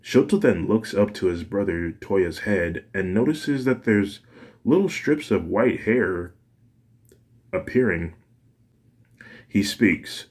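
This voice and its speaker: Man, narrator, fan story, deep voice, slow pace, plain reading. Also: animated, a little mellow.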